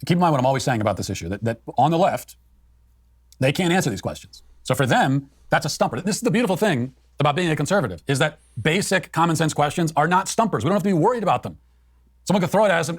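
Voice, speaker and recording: A man's voice: a little high, expressive, fast, breathy edge, no echo, clean studio sound. A man giving political commentary as a co-host, in an emphatic, argumentative way.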